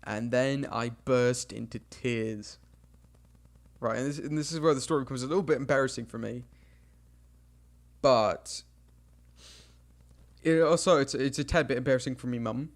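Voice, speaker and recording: This young man, a game streamer, cheerfully shares a mortifying childhood memory, acting out people's lines and laughing at himself. His pitch sits in the middle, his speed is normal, and he leaves long pauses.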